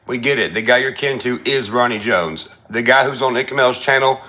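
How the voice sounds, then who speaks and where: Sarcastic, foul-mouthed man with a bright voice ranting a story. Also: medium pitch, a little fast, hardly any pauses. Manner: profane, sarcastic, mimics people he quotes. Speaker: content creator in a clip being reacted to. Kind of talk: storytelling rant.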